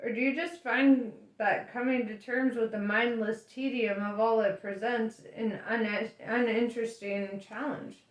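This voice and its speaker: A woman's voice: fairly high pitch, fairly even intonation, measured pace, hardly any pauses, natural voice. A woman reading as a glib male space traveller. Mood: persuasive. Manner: smooth, persuasive, offhand. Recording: roomy echo.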